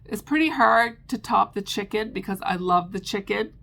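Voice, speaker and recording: Chatty woman with a gravelly edge. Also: medium pitch, moderate pace, a bit bright. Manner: chatty, with many ums and restarts. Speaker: crochet vlogger. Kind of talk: casual chat.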